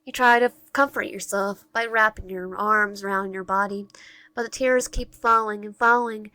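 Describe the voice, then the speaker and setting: A woman's voice: mid-range voice, fairly even intonation, normal speed, sharp tone, dry recording. Woman reading a game aloud, tripping over words. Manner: stumbles and restarts words while reading. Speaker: game narrator and player. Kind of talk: reading a visual novel aloud.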